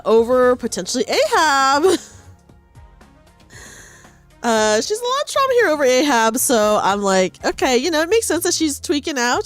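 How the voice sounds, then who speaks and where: Young woman streamer, playful and giggly, lively bouncing pitch, light music underneath. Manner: playful, giggly, reads game dialogue aloud to chat. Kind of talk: casual gameplay commentary.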